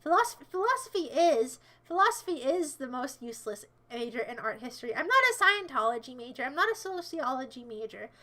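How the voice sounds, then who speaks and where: A woman livestreamer with a high, very animated voice chats with her viewers a little fast and with few pauses, rambling playfully as she teases them and mock-defends herself. Answering chat, she bursts into shouted mock-villain commands.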